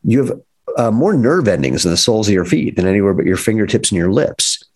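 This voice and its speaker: A man's voice: fairly low pitch, lively intonation, fast talker, darkish tone, breathy edge. A man speaking as a guest about footwear, explaining with enthusiasm and wry asides. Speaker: footwear company founder as guest. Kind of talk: energetic explanatory talk.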